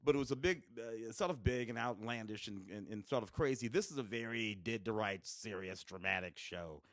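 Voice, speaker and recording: A man's voice: fairly low pitch, moderate pace, no echo, studio quality. A man co-hosting a podcast, chatting casually about movie and TV releases, with lots of fillers and restarts. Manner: animated, with many fillers and restarts. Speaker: podcast co-host. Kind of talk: casual chat reviewing home video releases.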